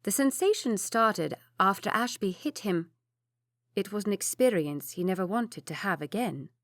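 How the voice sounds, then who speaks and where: A woman narrating a historical romance audiobook in a measured, even reading. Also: medium pitch, no echo, clean studio sound. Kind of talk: scripted narration.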